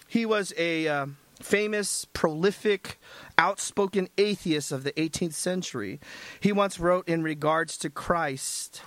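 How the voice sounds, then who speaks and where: A man preaching a sermon, emphatic, moving between hushed and fervent delivery. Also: sits high.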